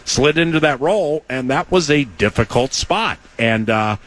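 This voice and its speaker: A man's voice: mid-range voice, lively intonation, moderate pace, a bit bright. A male sports radio host chatting with a guest, effusive in his praise and rambling with many fillers.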